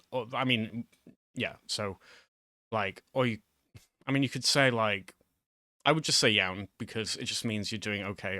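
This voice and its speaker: A man's voice: lowish voice, bright, forceful tone, no echo, clean studio sound. A man casually explaining Welsh words while reading a quiz on screen, rambling with lots of fillers and restarts. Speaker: YouTuber teaching Welsh. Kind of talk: casual screen-share commentary.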